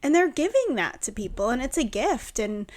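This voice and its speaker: Earnest higher-voiced woman co-host. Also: big pitch swings, moderate pace, a little mellow. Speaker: podcast co-host. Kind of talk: candid casual chat.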